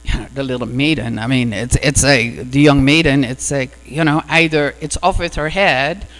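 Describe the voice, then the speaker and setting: A woman's voice: very deep voice, moderate pace. Woman minister telling a story in an echoey hall. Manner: warm conversational storytelling with fillers like "you know". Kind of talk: sermon with storytelling. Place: church hall. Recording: echoey hall with mains hum.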